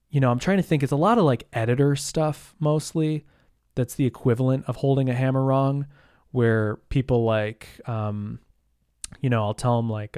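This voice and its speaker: A man's voice: mid-range voice, darkish tone, no room sound. Rambling man hosting a solo podcast, dry sound. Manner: rambling, self-interrupting, full of fillers and mild swearing. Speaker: podcast host. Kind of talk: casual solo podcast monologue.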